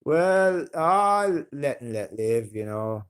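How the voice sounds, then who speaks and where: A man's voice: on the high side, sing-song, slow pace, clean tone. A man with a broad Geordie accent chatting casually on a livestream, blunt and sweary, rambling with fillers and restarts. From North East England.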